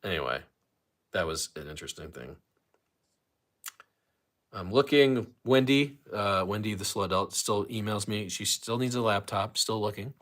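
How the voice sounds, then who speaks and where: A man's voice: fairly low pitch, expressive, normal speed, long pauses, fairly bright tone. An older man hosting a casual livestream, rambling and joking with viewers, at times out of breath. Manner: rambling, jokey, talks to chat. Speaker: livestream host.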